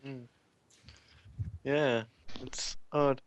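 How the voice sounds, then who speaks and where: A man's voice: medium pitch, fairly even intonation, extremely slow, no room sound. A man running a tabletop game as game master over voice chat, rambling and searching for words.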